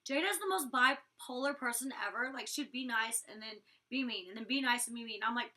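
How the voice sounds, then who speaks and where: Bright-voiced young woman in a chatty recap. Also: fairly high pitch, distant mic. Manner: chatty, fast storytelling full of "like" fillers; blunt, swears freely. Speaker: reality show cast member reviewing an episode. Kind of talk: casual episode recap.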